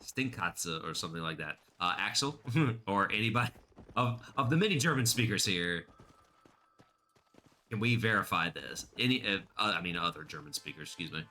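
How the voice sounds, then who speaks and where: A male streamer rambles through casual commentary while he plays. He talks to his chat and drifts from topic to topic. His voice sits low, with a strikingly sharp, bright edge. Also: lively intonation, moderate pace. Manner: rambling, chatty, reads chat aloud.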